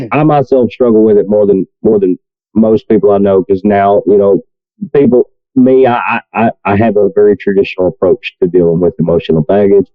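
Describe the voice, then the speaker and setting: A man's voice: lowish voice, a little fast, no room sound, phone-quality sound. A man co-hosting a podcast in casual chat, blunt and profane, often poking fun at himself. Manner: blunt, profane, self-deprecating. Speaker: podcast co-host.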